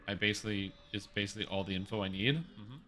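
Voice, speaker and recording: A man's voice: fairly low pitch, fairly even intonation, fast talker, sharp tone, slight background noise. A man streaming a game, chatting casually and rambling through joking asides. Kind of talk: casual chat while playing.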